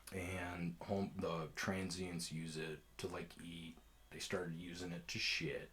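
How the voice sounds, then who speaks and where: Low-voiced rambling man telling stories. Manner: rambling, profane, laid-back. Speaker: storyteller. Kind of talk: casual storytime.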